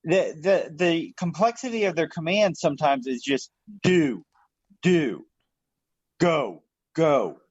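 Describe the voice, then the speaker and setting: A man with a slightly high, husky voice explains his view with everyday analogies. His pitch moves a lot as he talks. The audio is dull and muffled, as if on a weak video call. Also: expressive, takes it slowly, no echo. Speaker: podcast co-host. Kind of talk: casual movie discussion. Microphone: home mic on a video call.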